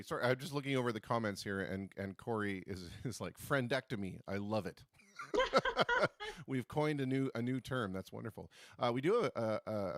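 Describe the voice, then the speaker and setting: A man's voice: mid-range voice, fairly bright tone, no echo, studio quality. Chatty man hosting a live stream. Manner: chatty, halting, repeats words when starting. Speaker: host of a live stream show. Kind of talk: casual live-stream chat.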